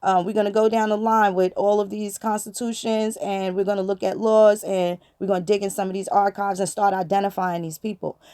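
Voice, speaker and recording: A woman's voice: mid-range voice, a little mellow, dry recording, clean studio sound. A woman with hosting her channel, talking in a blunt, preachy, casual monologue full of slang and profanity. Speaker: channel host.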